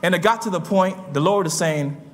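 A man preaching a sermon in a church, his delivery swinging between quiet murmurs and loud shouts. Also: high voice, normal speed, big-room sound, slight background noise. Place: church sanctuary.

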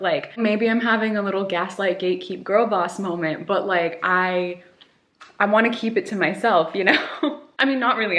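A woman in her twenties chatting casually as a book vlogger, gushing and rambling with lots of fillers. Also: lowish voice. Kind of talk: casual chat.

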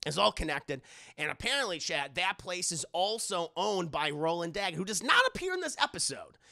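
A man's voice: high voice, brisk, vocal fry. A man giving a casual, profane livestream recap of a cartoon episode, acting out the characters' lines and talking to his chat. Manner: animated, profane, acts out lines and talks to chat. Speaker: streamer reviewing an animated show.

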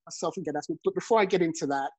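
A man's voice: a little high, fast, low-quality recording. A man in his forties hosting a motivational live chat over a phone, effusive and chuckling often. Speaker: host and network marketing coach.

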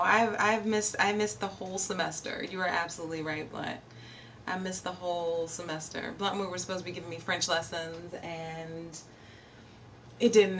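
A woman from Virginia, USA, with a lowish, slightly bright voice chats casually on a livestream, answering her viewers' chat messages. She sits far from the mic of her streaming setup, and there is slight background noise.

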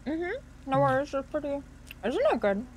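Chatty, playful woman, slightly high. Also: sing-song, normal speed, darkish tone, a little hiss or hum. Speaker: gamer role-playing a character. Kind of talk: casual role-play chat.

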